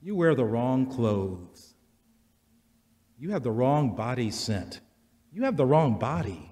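A man preaching a sermon in a church, slow and deliberate, building repeated litanies that rise in intensity. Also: mid-range voice, big pitch swings, warm tone. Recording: long church reverb.

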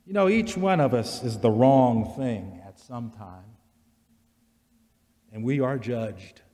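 A man preaching a sermon in a church, slow and deliberate, building repeated litanies that rise in intensity. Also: mid-range voice, animated, warm tone. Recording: long church reverb.

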